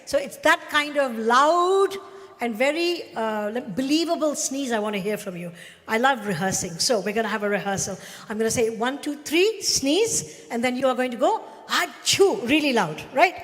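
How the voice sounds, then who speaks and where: A woman's voice: fairly high pitch, lively intonation, a little fast, fairly bright tone. A woman leading a live audience at a devotional celebration, talking in a playful, coaxing, teacherly way. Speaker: song leader at a devotional celebration. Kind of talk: lively talk leading children and audience. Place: large event hall, live audience. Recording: long hall reverb with faint music.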